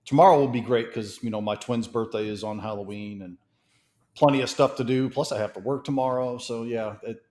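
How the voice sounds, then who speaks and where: A man co-hosting a podcast, chatting in a relaxed, rambling way. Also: medium pitch, a little fast. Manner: relaxed, rambling, thinks aloud. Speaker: podcast co-host. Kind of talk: casual podcast chat.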